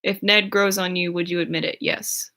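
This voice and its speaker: Reading her chat on a home livestream, a YouTuber in her twenties rambles casually, giggling and using lots of fillers as she responds. Her voice sits on the low side with little pitch movement, a moderate pace, and a bright, forceful tone.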